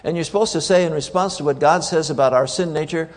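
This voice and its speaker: A man delivers a sermon with emphatic force, often repeating his key words and asking the congregation rhetorical questions. His voice sits a little high for a man. The sound rings with the long reverb of a large hall. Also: fast talker, hardly any pauses. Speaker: preacher.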